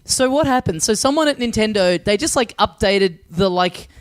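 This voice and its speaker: High-voiced podcast host. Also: male voice, animated, moderate pace, no room sound. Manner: joking, runs the segments. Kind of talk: casual chat.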